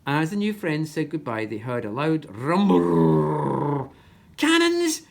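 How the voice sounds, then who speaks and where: A woman reading a children's story aloud with expressive narration. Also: deep voice, slow, vocal fry.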